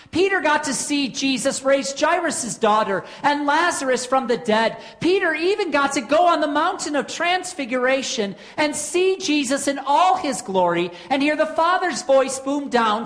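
A woman preaching a sermon in an earnest way, posing rhetorical questions with dramatic pauses. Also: sits high, fairly bright tone.

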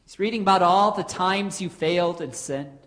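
A woman preaching a sermon in an earnest way, posing rhetorical questions with dramatic pauses. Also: on the low side.

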